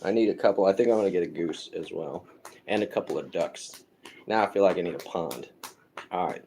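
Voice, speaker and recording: A woman hosting a casual livestream from home, chatting in a relaxed way and sometimes dropping to a whisper. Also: very deep voice, fairly quick, a little hiss or hum. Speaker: livestream host. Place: home bedroom.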